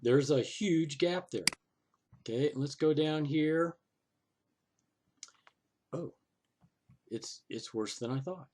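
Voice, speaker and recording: Slow and fairly high-pitched, a man narrates a screen-recorded walkthrough, leaving long pauses; his voice is a little mellow and there's slight hiss or hum. He thinks aloud with frequent "oh" and "okay," sounding sarcastic and exasperated as he complains to the city council.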